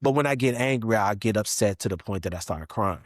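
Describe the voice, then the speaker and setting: Low-voiced man, animated storyteller. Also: fairly quick, no room sound, clean studio sound. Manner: animated, acts out other people's voices with big pitch jumps. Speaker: podcast guest. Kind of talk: candid personal storytelling.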